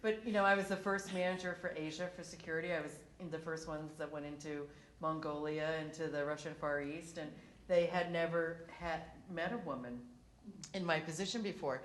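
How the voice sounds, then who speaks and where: A woman's voice: deep voice, a little fast, reverberant, slight background noise. A woman on a discussion panel, telling work stories and laughing often as she talks. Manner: animated, laughs through her stories. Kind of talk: storytelling on a panel. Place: conference hall.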